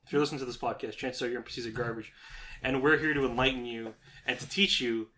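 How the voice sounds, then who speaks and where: A man's voice: mid-range voice, steady tone, fast talker, pushed and bright, slight background noise. A man hosting a casual tabletop-gaming podcast, joking, laughing often and slipping into silly voices. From Canada. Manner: jokey, laughs often, slips into goofy voices. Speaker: podcast host.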